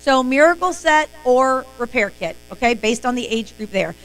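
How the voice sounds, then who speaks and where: A woman's voice: high-pitched, lively intonation, normal speed, fairly bright tone, rough recording. A woman hosting a live-stream sales training, talking in an emphatic, motivational way.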